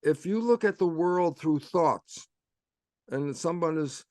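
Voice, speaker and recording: An older man speaking as a guest, explaining his ideas in an animated, conversational way and acting out both sides of his own inner dialogue. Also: fairly high pitch, slow, no room sound.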